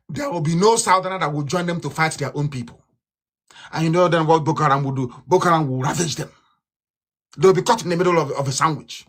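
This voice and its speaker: Nigerian man, political broadcaster, impassioned and combative, sharp bright tone, repeats his points. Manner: fiery, ranting, repeats himself, swings from loud outbursts to low mutters. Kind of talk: impassioned live broadcast speech.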